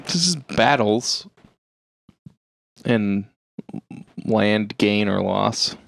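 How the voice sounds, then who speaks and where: A man co-hosting a casual podcast, playing along with a quiz and throwing in deadpan jokes. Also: fairly low pitch, drawn-out words, vocal fry, no echo, clean studio sound. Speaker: podcast co-host.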